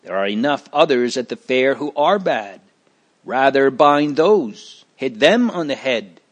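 Honest male bystanders in a storybook protest urgently on behalf of innocent men, as a male narrator reads them. Their voices are pitched higher than the narration and carry an insistent, pleading force. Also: expressive, unhurried, highs cut off.

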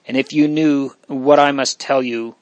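A man's voice: mid-range voice, steady tone, a little slow, no room sound, voice pushed up, natural voice, rough recording. A man voicing a haughty but remorseful young countess, speaking earnestly. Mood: pleading. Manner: pleading, earnest.

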